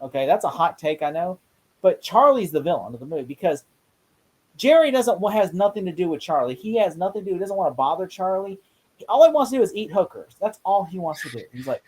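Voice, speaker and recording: A podcast co-host retelling a movie scene in a casual review chat, rambling excitedly and laughing often. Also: medium pitch, fast talker, breathy edge.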